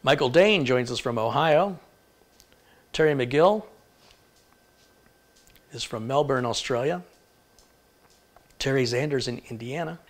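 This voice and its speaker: A man from Michigan hosting a live tech stream, briskly reading out where viewers are tuning in from and stumbling over hard-to-pronounce names. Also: mid-range voice. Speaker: tech livestream host.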